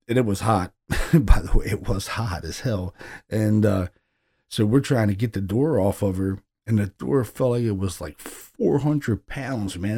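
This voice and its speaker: A man's voice: fairly low pitch, mellow. A middle-aged man casually recounting a paranormal investigation in a rambling, laid-back way, with the odd profane aside. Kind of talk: casual storytelling monologue.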